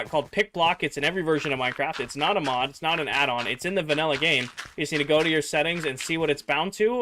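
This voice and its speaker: His voice is fairly high, bright, and forceful, with slight background noise in the mix. He's a young man streaming a game and casually rambling to viewers, full of filler words, answering chat, and starting to lose his voice.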